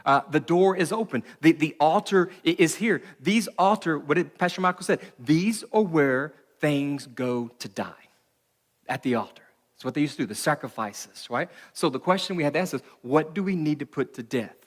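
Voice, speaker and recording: A man preaching as pastor, earnest and halting, often repeating his words. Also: a little high, lively intonation, big-room sound. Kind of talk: sermon.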